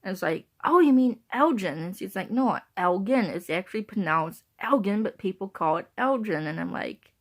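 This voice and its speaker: A woman's voice: fairly low pitch, animated, fairly quick. A woman talking casually to her viewers, rambling and repeating herself, with bursts of laughter between thoughts. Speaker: vlogger.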